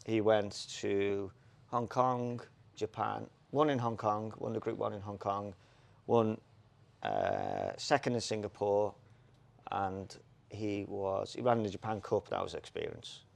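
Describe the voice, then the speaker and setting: A man with a deep, gravelly voice tells racing tales in relaxed chat. He gets animated as the stories build and laughs along with them. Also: measured pace. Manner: animated anecdotes, laughs, quotes people in put-on voices. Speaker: former jockey, co-host. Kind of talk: casual storytelling chat.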